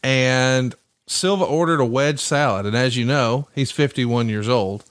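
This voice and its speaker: A man hosts a casual podcast, chatty and easygoing, often breaking into laughter as he tells a story. His voice sits at a plain, middle pitch. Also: unhurried. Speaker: podcast host.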